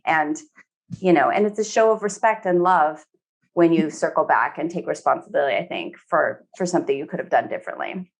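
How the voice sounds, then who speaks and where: Lower-pitched woman therapist, chatty, lots of fillers, acts out what people say. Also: animated, brisk. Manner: chatty, many fillers, acts out quoted speech. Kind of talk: podcast conversation.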